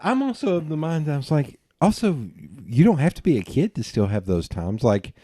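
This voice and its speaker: A man with a Southern US accent hosting a podcast, telling rambling, animated anecdotes in casual conversation. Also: fairly high pitch, brisk, no room sound, clean studio sound. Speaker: podcast host.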